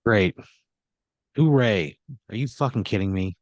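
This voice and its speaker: Exasperated swearing podcast co-host. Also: male voice, on the low side, unhurried, no echo, muffled recording. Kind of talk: improvised comedy.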